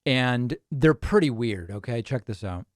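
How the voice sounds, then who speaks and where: Sarcastic animated man in a dry studio. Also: medium pitch, a little slow, no room sound. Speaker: host reacting to a clip. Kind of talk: live commentary on a video clip.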